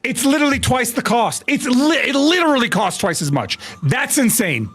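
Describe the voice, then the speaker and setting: A man's voice: very high-pitched, very animated, normal speed, fairly bright tone, breathy edge, soft background music. A man live-streaming to his chat in a casual, exasperated way, swearing and laughing a lot. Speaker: VTuber streamer.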